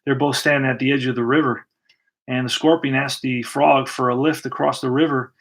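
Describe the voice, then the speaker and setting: A man with a gravelly, fry-tinged voice calls the action of a dice-driven baseball game as its host. He keeps it relaxed and conversational, talking through each roll and card as he goes. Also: mid-range voice, fairly quick. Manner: relaxed, thinks aloud while rolling dice and pulling cards. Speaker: host narrating a tabletop baseball replay. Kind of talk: casual play-by-play of a dice game.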